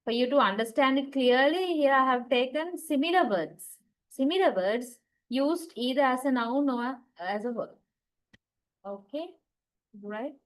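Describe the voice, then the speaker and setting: A Sri Lankan English-accented woman gives a recorded university lecture on linguistics, checking in often with "okay" and "right." She speaks at a measured pace in a voice that sits high. The recording is rough.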